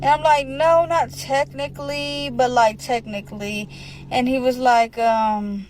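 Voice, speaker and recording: A woman's voice: sits high, fairly even intonation, measured pace, a little mellow, faint music behind, poor audio. A woman casually telling her own story, rambling, with slang and a lot of filler words.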